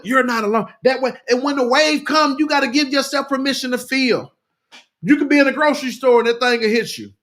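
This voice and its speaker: A man's voice: very high voice, pushed and bright. A man hosting a talk, speaking in a rousing, repetitive way, addressing listeners as "y'all" and reading out their comments.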